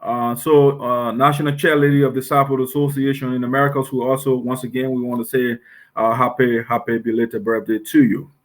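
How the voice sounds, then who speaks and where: A man with a Liberian accent hosting a casual diaspora talk show, speaking haltingly with frequent fillers and restarts. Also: medium pitch, little pitch movement. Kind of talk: casual online show chat.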